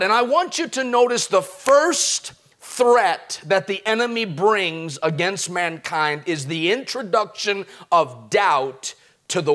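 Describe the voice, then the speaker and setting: A middle-aged male pastor preaching a sermon, swinging from quiet talk to impassioned shouts. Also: high voice.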